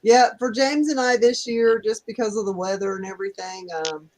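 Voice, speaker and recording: Middle-aged woman co-host, mid pitch, halting casual talk with lots of ums. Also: steady tone, a little mellow, rough recording. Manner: hesitant, many ums and restarts. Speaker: co-host of a livestream. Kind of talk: casual chat. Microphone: laptop.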